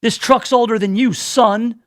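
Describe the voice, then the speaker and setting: Man putting on a stubborn old truck owner, curt and dismissive, high-pitched delivery. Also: fairly even intonation, measured pace, fairly bright tone, no echo, studio quality.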